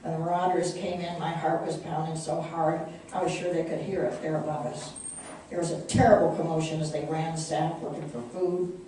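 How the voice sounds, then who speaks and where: Brief: woman reading her storybook aloud, measured and heartfelt, roomy echo, mic set back. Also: sits low, level tone, dark tone, slight background noise. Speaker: author reading her book. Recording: echoey room, distant mic.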